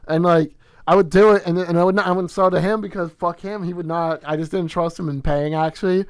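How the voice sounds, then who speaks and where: Young male podcast host, slightly high gravelly voice, dry mic, animated storyteller. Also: brisk, no room sound. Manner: animated, swearing, acts out quotes in storytelling. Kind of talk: casual storytelling chat.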